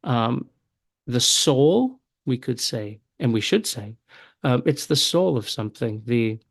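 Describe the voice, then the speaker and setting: A man teaches a recorded Bible study at an easy, patient pace, reading passages aloud before he explains them. His voice is mid-pitched and he sounds close to the mic, dry, with no room echo. He pauses now and then with small fillers as he works through his points. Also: sing-song, creaky. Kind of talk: recorded lecture.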